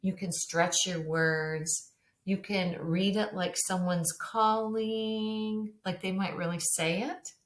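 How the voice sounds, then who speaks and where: A woman's voice: mid-range voice, fairly even intonation, slow pace. A woman teacher giving a recorded reading lesson, talking patiently and directly to young children. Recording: roomy echo.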